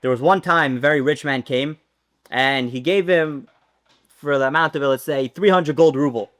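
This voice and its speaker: A man teaching a Torah class, telling a story with lively acted-out dialogue. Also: on the high side, normal speed. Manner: animated storyteller, acts out dialogue.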